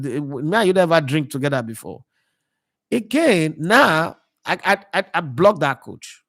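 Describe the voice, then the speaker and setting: In a clean, dry studio recording, a Nigerian man in his thirties with a slightly high voice hosts a sports channel. He rambles through stories in a casual monologue, drifting off on tangents and slipping into pidgin.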